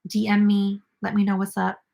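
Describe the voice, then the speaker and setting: A woman's voice: medium pitch, monotone, normal speed, creaky, mellow. A young woman in casual chat as the host of a crochet livestream, reading viewer comments aloud and answering them.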